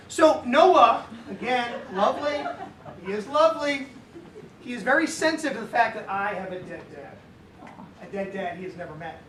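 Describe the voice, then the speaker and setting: A man's voice: high voice, a bit bright. Wry middle-aged man in an echoey room. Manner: wry, self-deprecating, conversational with asides to the crowd. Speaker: author telling a story at a live reading. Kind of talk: comic personal storytelling to a live audience. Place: indoor live event venue. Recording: distant, echoey live room with background noise.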